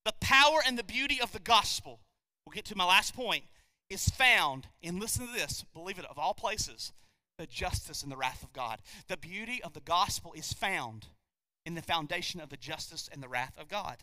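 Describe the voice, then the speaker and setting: A male pastor preaches an emphatic sermon and keeps pressing his listeners with rhetorical questions. His voice sits high and sounds sharply bright. The recording is dry and close, with no room sound. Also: animated, normal speed, no echo.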